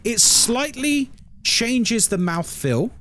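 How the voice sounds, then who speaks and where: A man's voice: very high-pitched, sing-song, takes it slowly, a bit bright, slight background noise. A British man chatting casually on a live stream, wry and sarcastic as he answers his chat. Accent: British English. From Britain.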